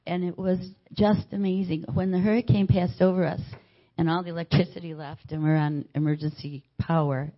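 Older lady with a really low voice telling her faith story, acting out everyone's lines, kinda muffled lo-fi sound. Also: vocal fry. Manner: animated storytelling, acting out what others said. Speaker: church member giving a testimony. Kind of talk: personal faith testimony told as a story. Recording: dull lo-fi recording.

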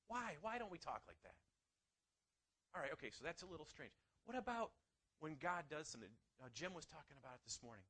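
Animated, bright-voiced man preaching a sermon. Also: fairly high pitch, quick pace, poor audio. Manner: animated storytelling with acted-out quotes. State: sniffly.

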